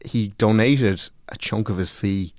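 A man's voice: lowish voice, unhurried, darkish tone, no room sound, studio quality. An Irish man co-hosting a podcast, joking casually about film trivia. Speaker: podcast co-host. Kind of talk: casual chat.

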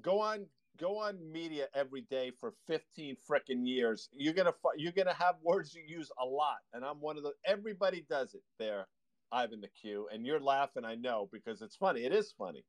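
A man's voice: on the high side, brisk, dry recording. A man co-hosting a markets podcast, joking in a wry, teasing way with offhand asides. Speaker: podcast co-host. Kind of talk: casual market chat.

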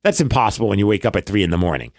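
A Brooklyn man with a New York accent co-hosts a podcast, rambling through a long story in casual chat and performing the voices of the people he quotes. His voice sits on the low side, very animated and racing. The studio-quality recording has no echo.

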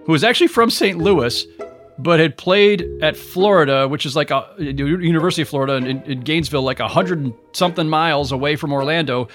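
A sports journalist being interviewed, telling stories in an animated, emphatic way. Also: male voice, a little high, fairly quick, soft background music. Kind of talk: interview recollection.

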